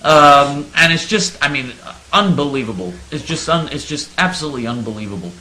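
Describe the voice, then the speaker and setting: A man's voice: a little high, expressive, fairly quick, sharp tone, echoey room, slight background noise, low-quality recording. A man hosting a talk radio show, telling stories in a mock-naive, sarcastic way. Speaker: radio host.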